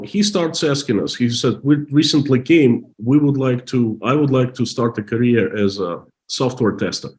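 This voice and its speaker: A middle-aged man from Russia with a Russian accent, telling a story in halting, emotional English full of restarts. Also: mid-range voice. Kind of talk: casual storytelling.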